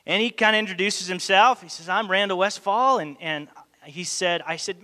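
A man with a voice that sits high delivers a sermon at a fairly quick pace, with long hall reverb around him. He tells a story animatedly, acting out the dialogue.

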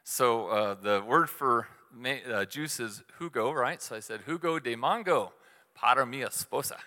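A middle-aged man delivers a sermon in a relaxed, conversational storytelling way, poking fun at his own mistakes. His voice is bright and forceful. The recording carries the long reverb of a large hall. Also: medium pitch, normal speed. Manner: conversational storytelling with self-deprecating humor. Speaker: church speaker.

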